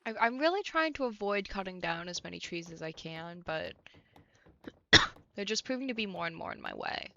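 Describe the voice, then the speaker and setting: A woman's voice: fairly low pitch, huge pitch swings, normal speed, vocal fry, fairly bright tone, highs cut off. A young woman from the United States streaming a game, chatting casually and ranting bluntly with plenty of swearing. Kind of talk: casual stream chat while playing.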